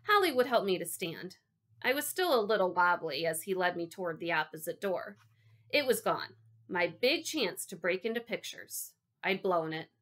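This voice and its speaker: A woman reading a children's storybook aloud in first person, wry, dropping to quiet asides. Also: lowish voice, very animated, normal speed. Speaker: audiobook narrator.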